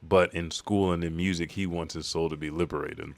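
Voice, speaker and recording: A man's voice: low voice, steady tone, a little fast, gravelly, no echo. A man hosting an anime channel, giving a casual, loose and profane manga chapter recap.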